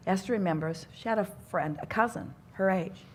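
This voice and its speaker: A woman's voice: fairly low pitch, moderate pace, background noise. A woman speaking to a live audience at a self-help seminar, teaching in an earnest tone with odd turns of phrase. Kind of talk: inspirational seminar talk.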